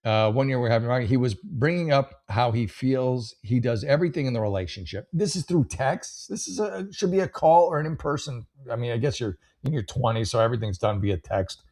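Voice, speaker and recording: A man's voice: medium pitch, expressive, fairly quick, few pauses, a little mellow. A man hosting a casual podcast, rambling through online posts and giving blunt advice, with many fillers and some swearing. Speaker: podcast host. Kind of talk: casual chat reading and advising on online posts.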